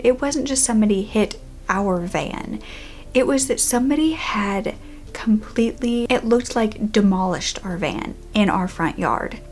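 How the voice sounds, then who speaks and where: A young woman telling a true-crime story from her childhood to camera in a casual, animated way, sometimes dropping to a hushed whisper at tense moments. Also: medium pitch. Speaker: YouTuber.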